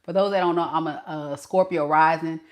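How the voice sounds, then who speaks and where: A woman's voice: low-pitched, steady tone, a little fast. A woman giving a casual tarot reading in a sassy, teasing way, often trying not to laugh. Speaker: tarot reader.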